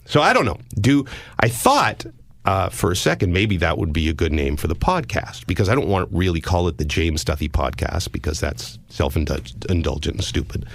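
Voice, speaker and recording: A man's voice: deep voice, sing-song, moderate pace. A middle-aged Canadian man, a podcast host and sportscaster, telling a story in casual, self-deprecating chat.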